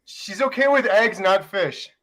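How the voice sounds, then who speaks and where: A man's voice: high-pitched, a little slow, a bit bright. A man chatting earnestly on a video call, rambling a little and correcting himself as he talks. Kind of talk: casual live-stream chat.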